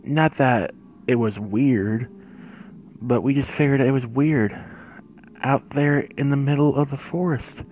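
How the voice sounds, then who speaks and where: A man telling a first-person horror story, hushed and suspenseful, with drawn-out pauses. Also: medium pitch, a little hiss or hum.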